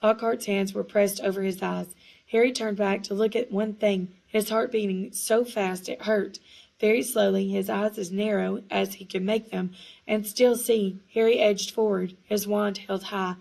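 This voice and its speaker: A woman reading a storybook aloud in a hushed, suspenseful manner, now and then correcting small slips. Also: medium pitch, fairly even intonation, normal speed, gravelly, poor audio. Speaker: audiobook reader. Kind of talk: storybook narration.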